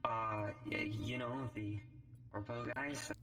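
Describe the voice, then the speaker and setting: A man playing a character in an online roleplay, talking in a lively, exasperated way. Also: medium pitch, takes it slowly. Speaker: roleplay player. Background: music.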